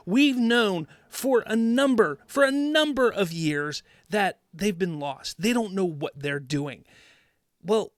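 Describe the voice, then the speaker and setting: A man with a high voice hosts a commentary show, sarcastic and emphatic as he mocks and hammers his points. The sound is dry and close, with no room around him. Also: fairly bright tone, no echo. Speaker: host. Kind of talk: opinionated commentary.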